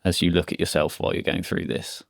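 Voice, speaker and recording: A man's voice: sits low, flat delivery, quick pace, creaky, no echo, clean studio sound. A man hosting a podcast, talking in a casual, empathetic way and often affirming his guest. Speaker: podcast host. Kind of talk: casual interview chat.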